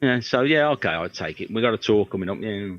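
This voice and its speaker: Speaking fast with lively intonation, a middle-aged man from Birmingham tells rambling anecdotes, doing the voices of those he quotes. He is a guitar tech guest in a casual storytelling interview, and his lowish voice has a fairly bright tone. The sound is dry and slightly dull.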